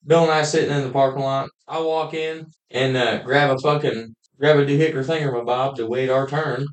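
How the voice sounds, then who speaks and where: A man co-hosting a podcast, talking fast in a folksy, profane way during casual banter. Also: medium pitch, steady tone. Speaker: podcast co-host. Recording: echoey room.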